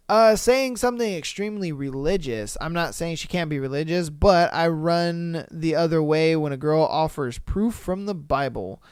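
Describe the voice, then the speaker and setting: A man's voice: a little high, clean tone, dry recording, clean studio sound. A man hosting a podcast in casual chat, reacting to listener comments in a blunt, profane way. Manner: blunt, profane, keeps asking "you know what I mean". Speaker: podcast host.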